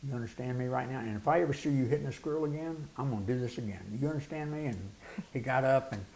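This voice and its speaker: A man's voice: medium pitch, fast talker, gravelly, a little hiss or hum. A middle-aged man, a preacher and former wrestler telling a story as a guest in an interview, acting out the quotes. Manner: animated anecdote with acted-out quotes and laughter.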